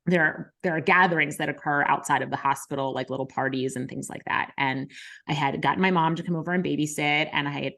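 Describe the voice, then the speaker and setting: A woman's voice: low-pitched, fairly even intonation, fast, vocal fry, fairly bright tone. A woman in her thirties, a podcast host, frankly telling a personal story in casual conversation, with many fillers. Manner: frank, many likes and ums, emotional retelling.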